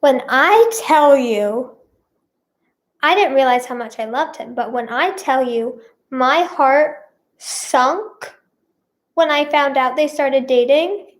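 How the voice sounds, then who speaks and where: Talking to her viewers at normal speed with barely a pause, this teen vlogger and singer has a high voice. Her casual storytime wanders, stuffed with "like" and "yeah."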